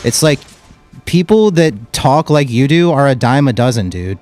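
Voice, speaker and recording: A man's voice: mid-range voice, expressive, moderate pace, darkish tone, soft background music. A young man streaming a game live, chatting casually and bluntly with viewers and calling them dude and bro. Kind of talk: live gameplay commentary with chat.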